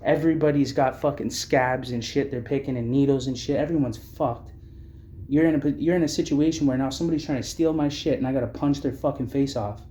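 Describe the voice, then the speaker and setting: Here a vlogger from Canada gives an agitated, swear-heavy account of his own homelessness, blunt and angry. The voice is medium-pitched, steady, a little fast and dark in tone, with a roomy sound.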